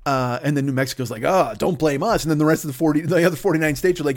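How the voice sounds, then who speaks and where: A man's voice: on the high side, racing, few pauses. A man riffing in a profane, rambling comedic rant on a podcast, slipping into silly voices. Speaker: podcast host.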